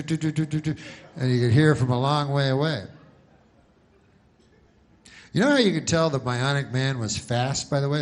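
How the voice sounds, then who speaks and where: Deadpan rambling man doing stand-up. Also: medium pitch. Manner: deadpan, rambling, wry asides. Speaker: stand-up comedian. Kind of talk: stand-up comedy set. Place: small club before a live audience.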